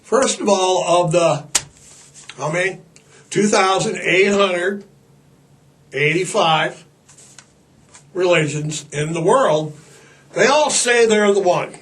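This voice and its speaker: A man's voice: high voice, takes it slowly, pauses often, a bit bright, a little hiss or hum. A man hosting a podcast in a rambling, irreverent comic monologue, profane and stammering over fillers. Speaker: podcast host.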